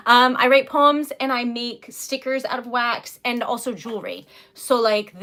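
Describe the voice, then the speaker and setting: A young woman from Rhode Island, a poet and craft seller, talks with her livestream viewers in a slightly high, bright voice with a forceful tone. She's casual and giggly, and she gets sidetracked easily.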